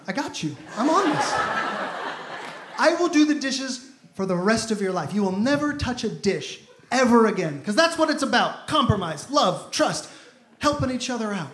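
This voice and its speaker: A comedian with a high voice does a stand-up set in a comedy club, bringing his stories to life by acting out the dialogue. Audience ambience and room echo are audible around his live performance.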